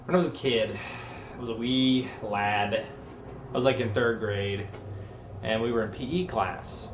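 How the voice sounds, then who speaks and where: Young dude rambling through funny stories, does little voices, roomy echo. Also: male voice, on the low side, fairly even intonation, unhurried, noisy background. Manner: jokey, rambling, acts out voices in his stories. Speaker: vlogger. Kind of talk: comedic storytelling vlog. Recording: echoey room.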